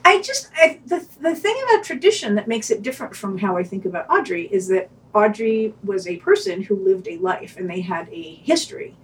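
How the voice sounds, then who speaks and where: A woman's voice: mid-range voice, lively intonation, a little fast, hardly any pauses, far from the mic. Woman podcast co-host, wry and hesitant, speaking a little off-mic. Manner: wry, hesitant, restarts her thoughts. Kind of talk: podcast reviews and casual discussion.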